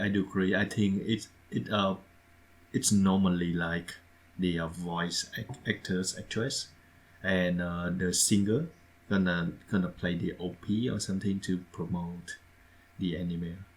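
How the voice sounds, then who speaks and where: A low-voiced man co-hosts a casual podcast. He speaks haltingly, searching for words with frequent pauses and slightly non-native grammar. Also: steady tone. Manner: hesitant, many fillers and restarts, non-native grammar. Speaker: podcast co-host. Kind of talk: casual discussion.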